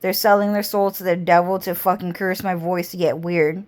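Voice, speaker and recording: A woman's voice: on the low side, steady tone. A woman telling a rambling story to her camera, cursing constantly. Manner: rambling, heavy cursing, slow drawl. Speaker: vlogger. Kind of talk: casual storytelling monologue.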